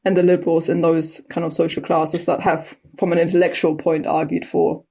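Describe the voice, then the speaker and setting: A woman's voice: on the low side, level tone, brisk, vocal fry, dark tone, husky. A woman historian, a podcast guest, explaining history in a thoughtful, conversational way, often saying "you know". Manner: thoughtful, fluent with frequent "you know" fillers.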